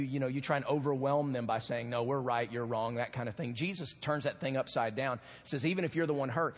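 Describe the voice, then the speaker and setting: A man pastor giving an animated, earnest sermon with asides to the congregation in a church. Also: medium pitch. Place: church sanctuary. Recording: long hall reverb.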